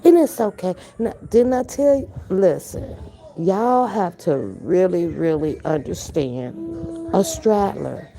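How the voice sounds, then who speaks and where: With music playing in the background, an older woman hosting a reaction channel chats to viewers from her home kitchen in a lowish, expressive voice with vocal fry. She takes her time, stretching words, and is blunt, profane and emphatic.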